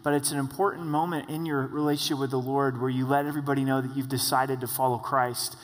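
A male pastor preaching a sermon in a conversational way, slowing down to stress key points. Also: medium pitch, level tone. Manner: conversational, slows for emphasis. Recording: long reverb of a church hall.

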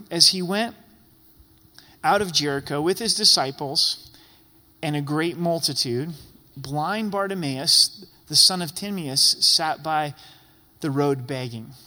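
A pastor's sermon rings through a large church hall with long reverb as he preaches emphatically and repeats phrases for effect. The man's voice sits on the high side, pushed and bright.

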